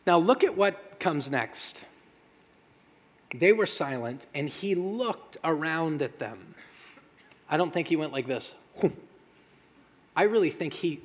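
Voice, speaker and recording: A man preaching a sermon as pastor, talking conversationally with dramatic pauses and rhetorical questions. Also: on the high side, breathy edge. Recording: long reverb of a large hall.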